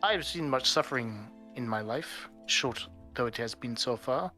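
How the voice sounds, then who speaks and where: A man voicing an earnest young man who speaks calmly in formal phrasing. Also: medium pitch, moderate pace, soft background music, pitched below the performer's own voice. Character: earnest young man defying his family.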